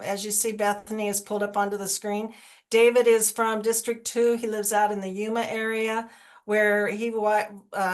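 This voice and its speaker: A woman on a video call introducing fellow commission members, talking in a loose, chatty way with many fillers. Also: medium pitch. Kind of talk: virtual public forum, casual introductions.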